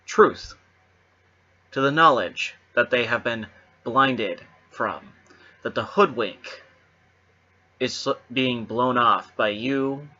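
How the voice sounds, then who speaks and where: A man's voice: mid-range voice, sharp tone, muffled recording. A man hosting his own channel, delivering a sarcastic, emphatic monologue straight to the camera. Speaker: channel host.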